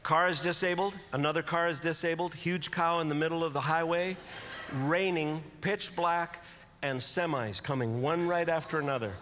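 A man with a high, light voice performs stand-up comedy on a live stage, throwing in sound effects and quick voices. The hall rings with a long reverb, and the audience is clearly heard around him. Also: fairly bright tone, a little hiss or hum.

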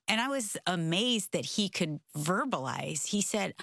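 A middle-aged woman telling a family story in an animated, storytelling way. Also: medium pitch, normal speed, gravelly, hardly any pauses, no echo, studio quality. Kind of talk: casual storytelling.

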